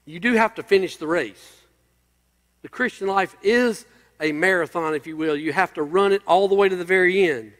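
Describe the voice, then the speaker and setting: A man's voice: high-pitched, normal speed, a bit bright, big-room sound. A male pastor preaching a sermon, emphatic and building through repeated phrases.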